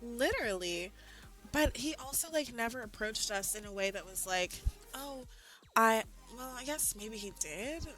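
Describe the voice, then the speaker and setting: A woman streamer telling a story in casual chat, animated and laughing, with lots of "like". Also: a little high, normal speed, music in the background. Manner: animated, laughing, heavy use of "like". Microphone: streaming mic.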